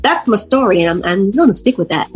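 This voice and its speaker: A woman's voice: mid-range voice, expressive, fast talker, husky. A middle-aged woman, an interview guest, telling a personal story in casual talk and acting out her own past words.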